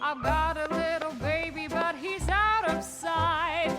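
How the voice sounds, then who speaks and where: An actress playing a witty, saucy stage singer, with wry spoken patter between ragtime verses. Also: female voice, very high-pitched, fairly even intonation, slow pace, long reverb tail, over loud music. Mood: singing. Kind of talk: game character performance.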